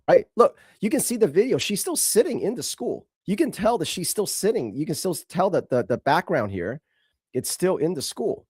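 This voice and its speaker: Man, show host, emphatic scornful commentary, animated pitch, dry close sound. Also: fairly quick, breathy edge, dry recording. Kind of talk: commentary on a video.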